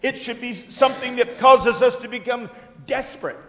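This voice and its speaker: A high-pitched man preaches a sermon in a church, stumbling over repeated words and filling pauses with uh. His voice rings through a roomy hall with a long reverb tail. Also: bright, forceful tone. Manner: halting, repeats words, fills with uh. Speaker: pastor. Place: church sanctuary.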